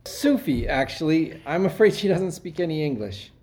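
A woman's voice: low-pitched, sing-song, normal speed, mellow. A woman reading a flustered, stammering restaurant owner. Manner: nervous, stammering, improvising excuses. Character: flustered male restaurant owner posing under a fake name. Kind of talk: amateur play read-through.

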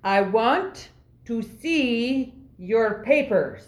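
A woman's voice: mid-range voice, very animated. A woman reading the part of a zealous female police officer in a play read-through, bossy and suspicious, in a roomy echo. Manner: bossy, suspicious, slow and emphatic.

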